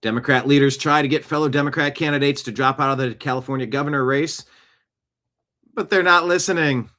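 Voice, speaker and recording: A man's voice: medium pitch, flat delivery, quick pace, a bit bright. A man hosting a talk show, giving scornful, emphatic opinions on the news. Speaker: show host.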